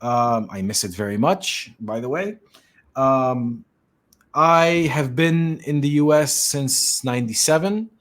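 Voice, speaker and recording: A middle-aged man from Lebanon hosts a casual podcast. He talks in a relaxed, chatty way, circling back and filling pauses as he explains things. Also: mid-range voice. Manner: chatty and easygoing, many fillers and restarts. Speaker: podcast host and tech consultant.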